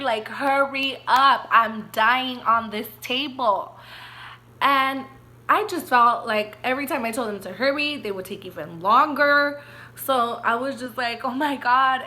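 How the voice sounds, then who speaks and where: A woman's voice: on the high side, sharp tone. A young woman vlogger telling a personal story in a chatty, emotional way, often saying "like" and getting teary. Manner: chatty, emotional, heavy use of "like".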